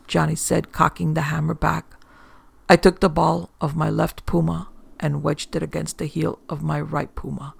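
A man reading a first-person story aloud in a wry, deadpan manner. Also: fairly high pitch, normal speed, gravelly, slightly rough, no room sound. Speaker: audiobook narrator.

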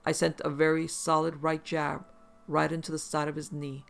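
A man's voice: fairly high pitch, completely flat delivery, moderate pace, vocal fry, a bit bright. A man narrating a first-person horror story in an intense, profane, vivid way.

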